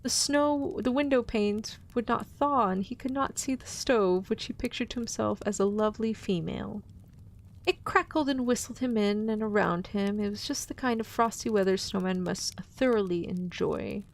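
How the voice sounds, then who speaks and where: A woman streamer reads a classic tale aloud, with casual, playful asides to her chat. Her voice sits at an everyday middle pitch. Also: moderate pace, vocal fry. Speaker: vtuber host reading a story.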